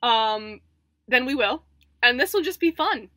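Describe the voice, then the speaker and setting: A woman's voice: on the high side, lively intonation, measured pace, sharp tone, dry recording, clean studio sound. A young woman co-hosting a podcast in casual, rambling chat with many fillers and giggles. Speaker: podcast co-host.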